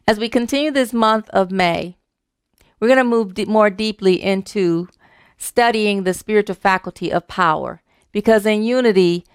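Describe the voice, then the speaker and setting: A woman minister preaches to her congregation in a smooth, clear voice. She speaks in an animated way, repeats words for emphasis and laughs easily. The sound is dry and close to the mic. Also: mid-range voice, no echo. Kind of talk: sermon with a humorous story.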